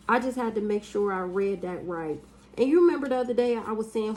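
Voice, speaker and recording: A woman's voice: medium pitch, expressive, warm tone, rough recording. Blunt woman doing a spiritual reading. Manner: blunt and profane, with drawn-out hums and exclamations. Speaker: spiritual reader. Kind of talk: casual spiritual reading monologue.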